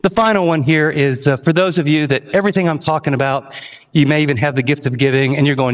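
A pastor giving an earnest, emphatic sermon with rising questions. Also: male voice, on the high side, steady tone, fast, big-room sound.

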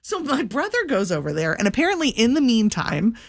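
A woman co-host spins a story in loose, casual chat, and her pitch swings widely as she gets into it. She leans on "like" and acts out each exchange. The recording is dry and close. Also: fairly quick, gravelly, dry recording. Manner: animated, lots of "like", acts out quotes. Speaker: podcast co-host.

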